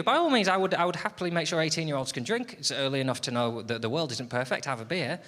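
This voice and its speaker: A man's voice: fairly high pitch, animated, fairly quick. A man in his late twenties doing a stand-up comedy set, wry and self-deprecating, with rambling asides. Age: late 20s. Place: comedy venue stage before a live audience. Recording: noisy live comedy recording.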